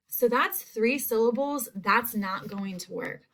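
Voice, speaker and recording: A woman teacher giving a recorded spelling lesson to young students, saying each word slowly and clearly. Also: fairly high pitch, fairly bright tone. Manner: slow, clear word-by-word enunciation.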